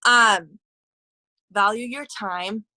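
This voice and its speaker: A woman's voice: medium pitch, very slow, sharp tone, dry recording, rough recording. A woman leading a motivational team call, chatty and gushing, with lots of fillers and restarts. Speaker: team leader.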